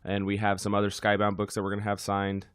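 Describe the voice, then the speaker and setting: A man hosting a podcast with a hoarse, worn-out voice, chatting casually with many fillers. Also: on the low side, monotone, fast, a bit bright, no echo, studio quality. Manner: rambling, frequent fillers. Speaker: podcast host.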